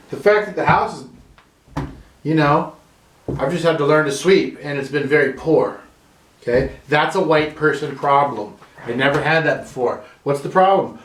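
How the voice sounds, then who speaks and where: A male stand-up comedian talking to camera from his own room in a rambling, self-deprecating, profane way. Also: on the high side. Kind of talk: casual comedy monologue to camera. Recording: roomy home room echo.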